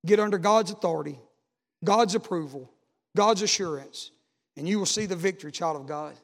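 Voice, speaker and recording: A preacher with a high voice delivers a sermon in a cadence that climbs to loud exhortation and sinks to quiet appeals. His voice rings out with a long reverb, as if in a large hall. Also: moderate pace, vocal fry.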